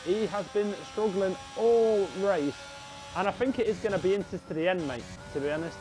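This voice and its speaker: A young Englishman calls a live sim race in a bright, high voice, chatty and quick to get excited. He talks straight to his viewers as mates. A faint hiss of noise sits behind him. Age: young adult. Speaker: race commentator. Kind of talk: live sim racing commentary.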